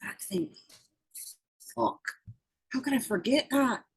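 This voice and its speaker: A woman reading a gruff fifty-year-old Belfast man. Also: fairly high pitch, slow, dry recording, full character voice. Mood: needling. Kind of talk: amateur script table read.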